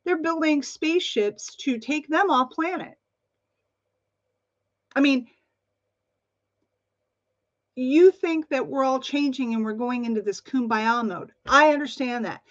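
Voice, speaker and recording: In a dull lo-fi recording with no room sound, an American woman who hosts a channel delivers an opinionated monologue to camera. Her voice is high-pitched and slow, with frequent pauses, and her passionate, rambling talk keeps restarting and filling gaps with fillers.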